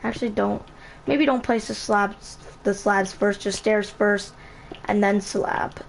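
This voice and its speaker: A woman hosting a casual game building tutorial, talking in a halting way, correcting herself and repeating item names as she goes. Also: mid-range voice, steady tone, gravelly, a little hiss or hum. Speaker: channel host.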